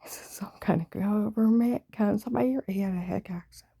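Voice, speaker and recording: A woman speaks mostly in a hushed, unvoiced whisper, her low voice dark and gravelly with a breathy rasp. She talks urgently in run-on bursts and now and then breaks into louder outbursts, all close and dry with no room around her. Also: moderate pace, dry recording. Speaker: vlogger. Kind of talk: rambling personal monologue.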